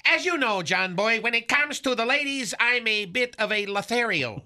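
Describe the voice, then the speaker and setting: Man putting on a pompous lovelorn guy, very bright nasal-edged tone, overblown wordy deadpan bragging, radio comedy bit. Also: very high voice, normal speed, heavily acted. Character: lovesick, long-winded, pompous grown man. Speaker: recurring comedy character.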